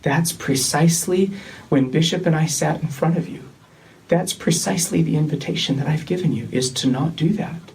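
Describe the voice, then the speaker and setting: A man leading a church disciplinary meeting, talking in a measured, insistent way that often repeats itself. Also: on the high side, creaky, a little mellow. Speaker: church leader. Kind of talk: tense meeting conversation. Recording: distant mic with faint noise.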